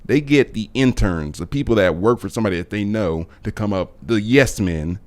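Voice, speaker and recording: A man with a lowish voice talks through his political views as a podcast guest. He speaks in long, steady explaining runs. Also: moderate pace. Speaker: guest commentator. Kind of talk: casual political chat.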